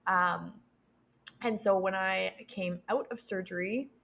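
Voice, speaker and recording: A young adult woman, a podcast guest, telling a personal story with lively quoted voices and frequent laughs. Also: mid-range voice, takes it slowly, vocal fry. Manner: animated, acts out quoted voices; laughs between sentences.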